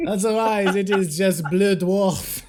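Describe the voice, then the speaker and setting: A woman's voice: medium pitch, steady tone, slow, a little mellow, lightly acted. A woman putting on a mock-pompous French accent, playing a snooty French speaker who boasts about where things come from. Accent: put-on French.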